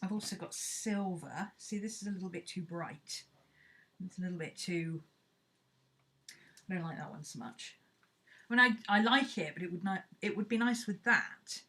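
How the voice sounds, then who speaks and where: A woman's voice: lowish voice, normal speed, long pauses, pushed and bright. A woman chatting casually and playfully, thinking aloud as she works on a craft project. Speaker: craft vlogger.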